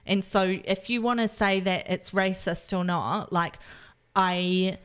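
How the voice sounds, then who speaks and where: A woman's voice: medium pitch, fairly even intonation, takes it slowly, clean tone. A New woman talking as a podcast guest, earnestly explaining her views with lots of "um" and "you know". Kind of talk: casual chat.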